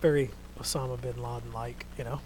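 A man preaching a sermon, reading scripture out loud and then talking quietly and earnestly to his congregation. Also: medium pitch, steady tone, a little fast, slightly rough, poor audio. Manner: reads scripture loudly, then speaks quietly and reflectively.

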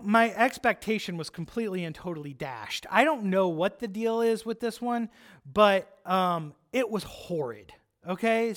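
A man preaching, telling a personal story in an animated, chatty way, with lots of "like" and "right?". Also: sits high. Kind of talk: storytelling sermon.

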